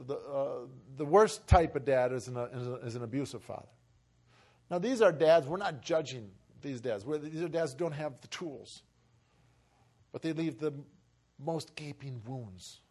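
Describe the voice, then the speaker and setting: High-voiced man preaching with halting restarts. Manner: emotional, acts out family voices, rising to shouts; halting with many fillers and restarts. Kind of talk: sermon with personal story.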